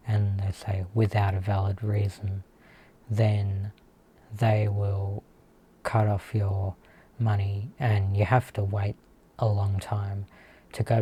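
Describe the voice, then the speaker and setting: A man's voice: fairly low pitch, dark tone, slight background noise. A man with an Australian accent talking through his work troubles in a casual vlog monologue, hesitant and full of fillers, sounding aggrieved. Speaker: vlogger.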